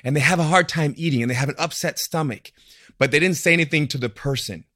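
A man in casual podcast conversation, talking in an animated way and acting out the voices he quotes. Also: fairly high pitch, quick pace, dry recording, clean studio sound.

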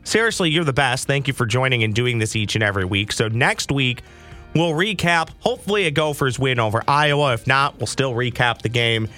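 A man hosts a casual sports podcast, talking in a bright, forward voice with an easy, friendly manner. He has a slight morning huskiness, and faint music sits under his talk. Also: mid-range voice, lively intonation, fairly quick. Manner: friendly, conversational, upbeat sign-off. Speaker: podcast host.

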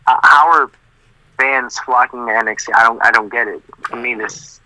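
A man co-hosting a wrestling podcast in a halting way, full of fillers and blunt, dismissive opinions, heard over a thin phone line. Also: medium pitch, steady tone, sharp tone. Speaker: podcast co-host. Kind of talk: casual wrestling opinion chat.

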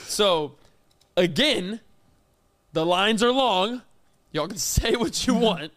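High-voiced man telling a rant. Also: takes it slowly. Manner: animated, indignant storytelling with acted-out quotes. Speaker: podcast co-host. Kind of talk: casual storytelling chat.

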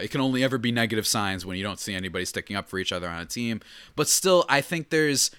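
Rambling, animated male podcast host. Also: lowish voice, smooth, no echo. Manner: casual, rambling, many fillers and restarts. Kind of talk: solo sports podcast commentary.

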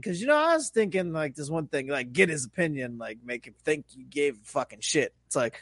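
A man's voice: fairly high pitch, a little fast, hardly any pauses, dry recording. A man co-hosting a sports podcast, swearing freely and telling stories with energy. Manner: profane, animated storytelling. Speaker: podcast co-host. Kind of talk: casual sports chat.

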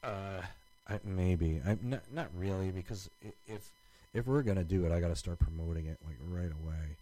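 A man's voice: low-pitched, moderate pace, mellow, poor audio. A man co-hosting a podcast in casual chat, rambling with many restarts and fillers. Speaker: podcast co-host.

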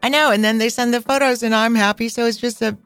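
A middle-aged woman co-hosting a casual travel podcast, chatty and quick to laugh, recorded close on a studio mic. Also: a little high, fairly even intonation, fairly bright tone, faint music behind. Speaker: podcast co-host and travel planner.

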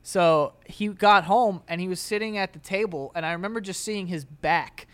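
High-voiced young man telling stories. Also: normal speed, smooth. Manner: animated storyteller, laughs often, acts out his dad. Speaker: podcast co-host. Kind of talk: casual chat.

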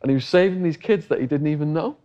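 A man's voice: fairly high pitch, fast, mellow, muffled recording. A middle-aged English man telling a long story in a casual interview, acting out the voices of the people he quotes. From England. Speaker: interview guest.

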